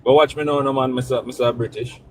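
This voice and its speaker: A man with a Jamaican accent who hosts a live discussion and argues his point calmly, repeating phrases to keep the floor. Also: mid-range voice, fast talker, noisy background. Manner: calm, reasoning, repeats himself to hold the floor. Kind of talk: casual debate.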